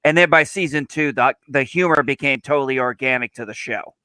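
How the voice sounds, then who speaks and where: A man hosting a casual livestream panel, animated and quick to laugh, pulling the talk back on topic. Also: medium pitch, smooth, dry recording.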